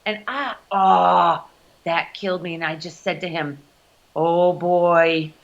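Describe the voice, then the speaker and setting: Low-voiced American woman over dull call audio. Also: creaky, a bit bright. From United States. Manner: earnest, halting, restarts sentences. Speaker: guest on a video call. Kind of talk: casual video call conversation.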